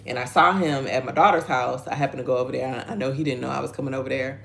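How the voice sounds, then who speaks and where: Middle-aged woman chatting through a morning devotional, a bit of fry in her voice, faint hiss behind. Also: extremely low pitch, steady tone, fast talker. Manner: earnest, conversational, reads viewer comments aloud. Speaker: devotional host. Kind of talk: casual live-stream devotional talk.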